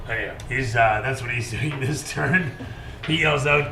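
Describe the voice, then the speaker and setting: A man narrating as dungeon master in a casual way, swearing often and filling pauses with "uh". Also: medium pitch, gravelly, background noise. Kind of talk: narrating a tabletop game with shouted character voices. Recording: echoey room from far off, music behind.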